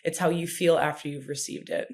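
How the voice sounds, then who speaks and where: A woman's voice: low voice, fairly even intonation, a little fast, darkish tone. A woman hosting a podcast, asking thoughtful questions with self-deprecating asides. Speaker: podcast host. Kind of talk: interview questions, casual chat.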